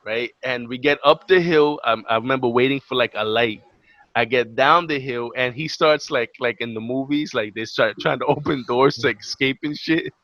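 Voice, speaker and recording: A man's voice: medium pitch, moderate pace, dry recording. A young man telling a long, profane story on a casual podcast, acting out what people said. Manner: animated, profane, acts out quotes. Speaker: podcast co-host.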